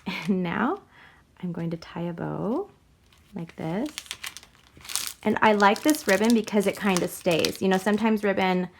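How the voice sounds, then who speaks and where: A woman's voice: mid-range voice, unhurried, vocal fry, pauses often. Chatty bubbly lady walking you through a craft at her table, faint hum and little clicks behind. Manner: chatty, bubbly, giggles at herself. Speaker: crafting tutorial host. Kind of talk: casual step-by-step demonstration.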